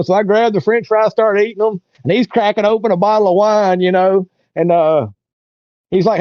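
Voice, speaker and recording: Male interview guest, casual rambling storyteller, slightly high voice, dry muffled sound. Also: a little fast, no room sound. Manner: rambling, colloquial, acts out others' lines.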